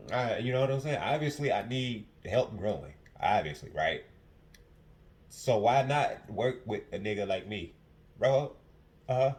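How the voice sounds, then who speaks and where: A man's voice: on the low side, darkish tone. A young man hosting a casual podcast at home, talking in a passionate, profane monologue that repeats itself. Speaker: podcast host.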